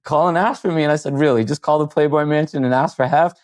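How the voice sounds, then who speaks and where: A man's voice: on the high side, fast, no echo. A man, a podcast guest, telling stories in casual chat and acting out the quoted lines. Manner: animated storyteller acting out quotes. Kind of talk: casual storytelling.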